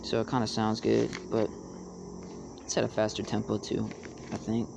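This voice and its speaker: Young guy with a gravelly voice, flat delivery, lots of ums, faint crickets behind. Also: lowish voice, noisy background. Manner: halting, many fillers, raps lines to demonstrate. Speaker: rap tutor. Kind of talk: casual tutorial talk.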